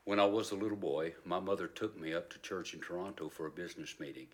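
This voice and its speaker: A man reading as a deep-voiced memoir narrator. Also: close to an everyday voice. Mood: reflective. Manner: reflective, measured storytelling. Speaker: narrator recalling a childhood story.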